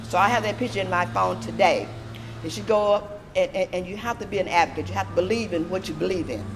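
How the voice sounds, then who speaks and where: Animated woman telling a story. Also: lowish voice, quick pace, music in the background. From Texas. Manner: lively, animated retelling with laughter. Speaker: disability advocate. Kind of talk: storytelling interview.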